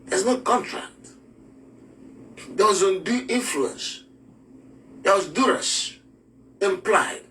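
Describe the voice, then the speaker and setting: A man's voice: sits high, animated, slow pace, pauses often, pushed and bright, far from the mic, slight background noise. Emphatic man teaching. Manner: emphatic, rhetorical questions, acts out scenes. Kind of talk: lively spoken lesson.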